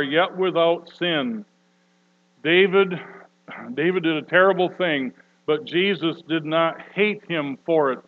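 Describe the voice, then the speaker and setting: A man preaching a sermon, slow and earnest, building to loud emphatic peaks. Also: on the high side. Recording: dull lo-fi recording with mains hum.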